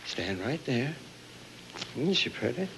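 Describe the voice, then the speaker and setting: A man hosting a pageant, interviewing contestants on stage with quick, joking banter. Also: mid-range voice, big pitch swings, a bit bright. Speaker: pageant host. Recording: noisy live stage recording.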